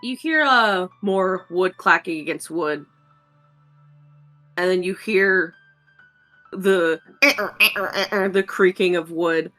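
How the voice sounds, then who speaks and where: Bright-voiced woman game master. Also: fairly low pitch, drawn-out words, long pauses, soft background music. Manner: chatty, many "um"s and "like"s. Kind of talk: narrating a tabletop game.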